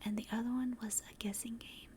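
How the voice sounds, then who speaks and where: A woman with a Southern accent from Tennessee, talking in a soft, rambling whisper at home into a close mic, in a whispered role-play style. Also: fairly high pitch, level tone, quick pace, slight background noise. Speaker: ASMR streamer. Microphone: close directional mic.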